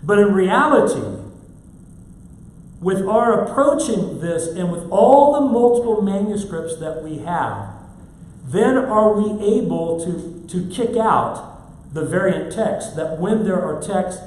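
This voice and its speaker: A man's voice: high voice, animated, slow pace, darkish tone. Man teaching a Bible class in an echoey room. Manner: explains step by step, asks the class questions. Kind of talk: church Bible class lecture. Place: church classroom. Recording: very echoey room, faint hum.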